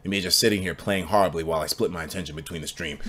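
A man's voice: low-pitched, racing. A man streaming a game, chatting casually and profanely with his viewers. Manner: animated and profane, joking with chat. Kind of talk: casual live-stream chat.

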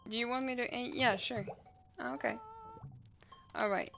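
A woman's voice: on the high side, fairly even intonation, a little slow, creaky, pauses often, a bit bright. A woman streamer chatting casually over gameplay, swearing and laughing often. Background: faint game music.

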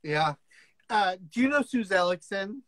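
A man hosts a relaxed video-call chat with a bright, crisp voice. The sound is dry and close. He chimes in often with eager, quick interjections. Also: high voice, no room sound. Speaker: interview host.

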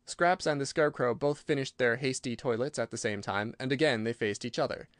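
A man narrating a children's fantasy book in a steady, even storytelling voice. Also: medium pitch, fairly quick, no echo, clean studio sound. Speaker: audiobook reader. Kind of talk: scripted narration.

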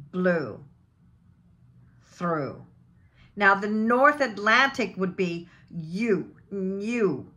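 A woman coaches vowel sounds in an unhurried, measured way. Her voice is bright and crisp, and she stretches each example word out slowly. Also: mid-range voice. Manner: demonstrates vowel sounds with slow drawn-out example words. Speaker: voice and accent coach. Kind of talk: vowel pronunciation lesson.

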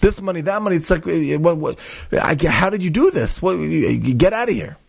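An enraged bus company boss, put on by a man in a voice pushed well up from his usual, sputtering and scolding as he tears into his employee. He sounds husky and worked up, his words tumbling out in exasperation. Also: mid-range voice, moderate pace, darkish tone, no echo, studio quality, pitched above the performer's own voice, close to an everyday voice. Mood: furious scolding. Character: angry ranting male bus company boss.

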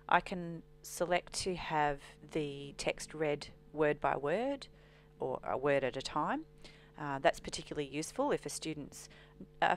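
A woman walking through a software demonstration as a trainer, explaining steadily with frequent ums. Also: low-pitched.

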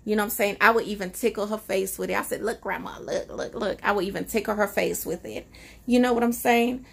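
Vlogger, woman, gravelly texture, emotional and reflective, casual and conversational delivery. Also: mid-range voice, fairly even intonation, quick pace, a bit bright. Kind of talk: casual personal vlog.

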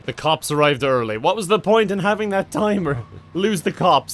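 Sarcastic Irish gaming commentator. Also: male voice, a little high, expressive, brisk, few pauses, a little hiss or hum. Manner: sarcastic, laughing asides. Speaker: gaming YouTuber. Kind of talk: comedic gameplay commentary.

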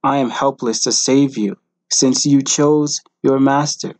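A man's voice: mid-range voice, fairly even intonation, unhurried, darkish tone, dry recording, natural voice, low-quality recording. Man reading Jesus: earnest, pleading divine savior, mid voice, dry close sound. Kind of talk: devotional message reading.

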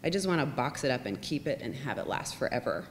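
A woman reader voicing a friendly, chatty young mother at a lake, lifting her voice into a brighter, gushing tone. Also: sing-song, quick pace, full character voice. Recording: long reverb, faint rumble.

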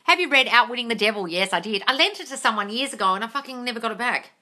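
A woman's voice: a little high, expressive, rapid-fire, sharp tone. A woman with a non-native English accent, coaching manifestation in a casual live-stream Q&A, blunt and sweary, calling viewers darling, speaking from a large open room, slightly congested from the cold. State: runny nose from the cold. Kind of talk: casual live-stream Q&A, reading comments aloud. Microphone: phone livestream.

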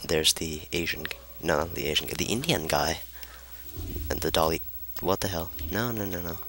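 A man giving casual let's play commentary from a room at home, joking, swearing freely and talking somewhat hushed. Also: sits low, moderate pace, noisy background. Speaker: gamer.

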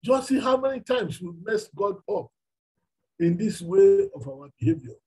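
A man's voice: sits high, lively intonation, normal speed, darkish tone, husky, rough recording. A man with a Nigerian accent preaching a sermon, emphatic and full of rhetorical questions.

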